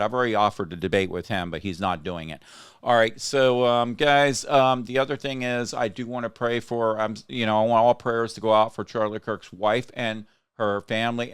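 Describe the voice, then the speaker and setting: A man's voice: lowish voice, clear, resonant tone, no echo, clean studio sound. A man hosting a casual political podcast, rambling and getting heated and indignant. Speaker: podcast host.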